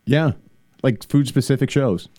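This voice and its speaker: A man of middle pitch hosting a casual podcast, tossing out playful jokes as he interviews a guest. His voice is close and dry, with no room sound. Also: unhurried, mellow, dry recording. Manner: playful, joking banter. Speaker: podcast host.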